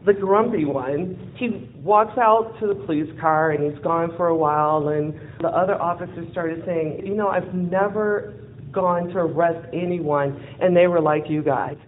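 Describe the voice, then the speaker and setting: Brief: woman storyteller, lively, acts out the dialogue, phone-like sound, faint hiss. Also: fairly low pitch, moderate pace. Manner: lively, acts out quoted dialogue, laughs often. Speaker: speaker telling a personal story. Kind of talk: personal storytelling with a closing lesson.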